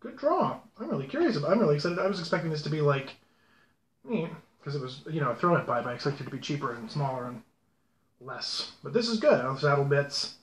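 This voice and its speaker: Unboxing items on his channel, this pipe-smoking host rambles casually and pokes fun at himself along the way. He talks quickly in an animated, fairly high voice, recorded in an echoey room with a little background noise.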